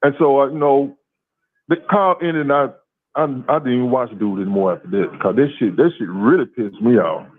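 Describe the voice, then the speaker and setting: A man from calls in and tells a story in a profane, animated way, often repeating words as he stammers. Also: mid-range voice, brisk. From Louisiana, USA. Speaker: caller. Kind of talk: casual call-in storytelling. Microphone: phone call. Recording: tinny phone line.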